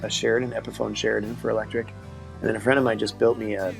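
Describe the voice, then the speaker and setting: A man's voice: lowish voice, level tone, racing, vocal fry, soft background music, poor audio. A man hosting a casual interview, enthusiastic and a little rambling. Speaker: host. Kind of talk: casual video-call interview.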